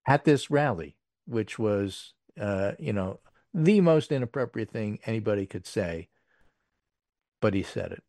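A man's voice: fairly low pitch, animated, measured pace, a little mellow, no room sound. Male talk host, casual commentary, wry dry delivery, close dead mic. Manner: wry, dry asides with fillers. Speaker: political podcast host. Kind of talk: casual political commentary, reading poll numbers.

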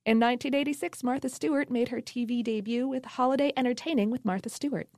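A woman's voice: on the high side, fast talker, darkish tone, no echo, studio quality. A woman co-hosting a podcast, chatting casually through food history with laughs and fillers. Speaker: podcast co-host. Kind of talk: casual conversational history chat.

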